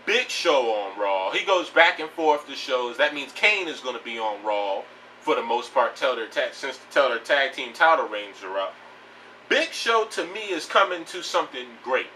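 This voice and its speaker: Profane, animated young man ranting. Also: on the high side, distant mic, slight background noise, low-quality recording. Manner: blunt, profane, rambling with restarts. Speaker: wrestling vlogger. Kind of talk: casual opinion rant.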